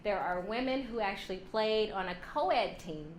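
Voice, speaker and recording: A woman giving a lively workshop talk to a women's leadership class, joking and acting out quoted voices. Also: medium pitch, normal speed. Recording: echoey room, faint hum.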